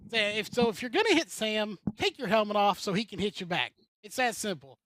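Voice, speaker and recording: A man's voice: sits high, expressive, brisk, a bit bright, dry recording. Opinionated man ranting about racing. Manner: rambling and opinionated, with filler-heavy restarts. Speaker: co-host commentator.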